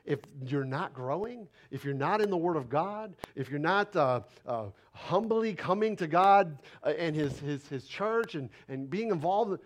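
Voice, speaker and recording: A male pastor preaching a passionate sermon, asking rhetorical questions in casual folksy phrasing and rising to loud, emphatic declarations. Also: fairly high pitch, animated, unhurried, few pauses. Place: church sanctuary.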